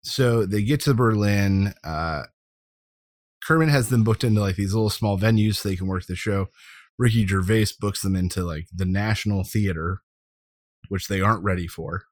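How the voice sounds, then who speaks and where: Low-voiced man casually recapping a film. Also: no echo, clean studio sound. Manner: relaxed plot summarizer, drawn-out fillers. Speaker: podcast co-host.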